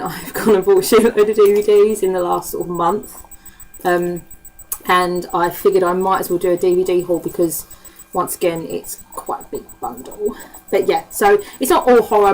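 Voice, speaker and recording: A woman's voice: mid-range voice, darkish tone, low-quality recording. A woman from the East End of London with a Cockney accent, chatting casually to camera as a vlogger, swearing freely and filling her talk with ums. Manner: chatty and swears freely, with frequent laughs and fillers. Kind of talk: casual chat.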